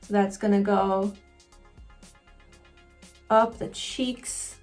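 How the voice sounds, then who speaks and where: A woman chatting casually through a makeup tutorial, excitable and quick to swear. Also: mid-range voice, faint music behind. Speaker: cosplayer doing a makeup tutorial.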